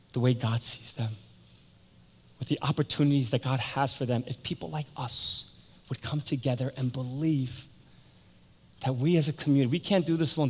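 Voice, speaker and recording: A male pastor preaching a sermon and telling a story, acting out the voices and swinging from loud to hushed. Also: medium pitch. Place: church sanctuary. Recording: echoey church hall.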